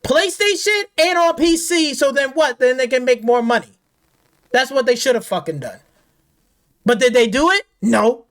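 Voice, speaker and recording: A woman's voice: high-pitched, expressive, normal speed. A woman hosting a gaming channel, ranting off the cuff in a heated, profane way, repeating herself and firing rhetorical questions. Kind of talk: angry off-the-cuff rant.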